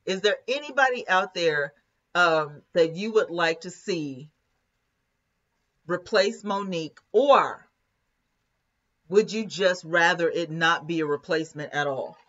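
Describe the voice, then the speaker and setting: A woman's voice: fairly low pitch, measured pace, long pauses, a bit bright, muffled recording. A woman hosting a live commentary stream, chatting casually, laughing often and reading viewer comments aloud.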